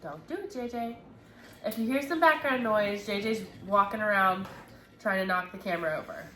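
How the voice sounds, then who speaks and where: A woman's voice: medium pitch, moderate pace, pushed and bright, a little hiss or hum. A young woman co-hosting a podcast, chatting casually and rambling a bit with fillers, sounding congested. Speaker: podcast co-host. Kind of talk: casual chat. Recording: roomy home recording.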